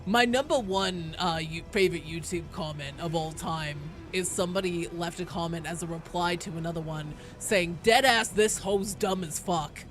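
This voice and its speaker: A woman streamer voicing a tired old lady, with a low, droning delivery over background music. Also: normal speed, few pauses, natural voice. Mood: weary. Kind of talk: streamer putting on a voice.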